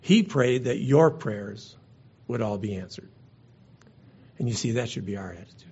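A man's voice: mid-range voice, expressive, normal speed, creaky, darkish tone, slightly rough. A man preaching a sermon as pastor, earnest and conversational, sometimes restarting his words. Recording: dull lo-fi recording.

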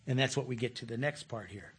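Husky preacher, lively bursts. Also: male voice, mid-range voice, fast talker. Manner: animated, repeats words, chuckles, sudden loud bursts. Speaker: pastor. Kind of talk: sermon.

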